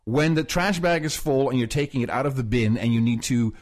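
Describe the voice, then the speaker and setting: A man's voice: mid-range voice, a little fast, darkish tone. A man co-hosting a podcast in casual chat, rambling and laughing often as he tells stories. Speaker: podcast co-host. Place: rented apartment abroad.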